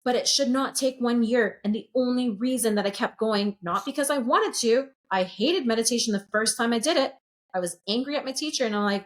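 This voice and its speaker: Her voice on the high side and her pace fairly quick, a late-30s woman who works as a sound healer speaks candidly as a guest on a podcast. She shares her story with openness and sincerity, cursing without hesitation.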